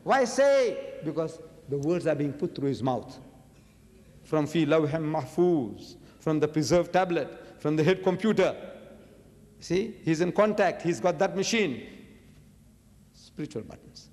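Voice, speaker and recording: A man with a fairly high voice delivers a religious lecture with emphatic, rhetorical force, often turning to ask his listeners questions. The recording is an archival tape with a long, ringing reverb from a large lecture hall. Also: expressive, moderate pace, a little mellow.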